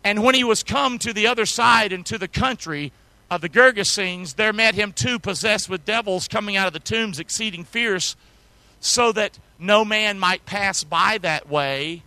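Preacher man, high bright voice with some gravel, dry close sound, gets the crowd to repeat words. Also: normal speed, dry recording, rough recording. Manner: call-and-response, asks congregation to say words; reads archaic scripture aloud with emphasis. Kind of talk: sermon with scripture reading.

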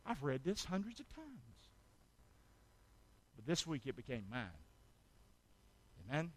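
A man preaching a sermon as pastor, calling for amens and swinging from loud shouts to hushed asides. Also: a little high, big pitch swings, a little slow.

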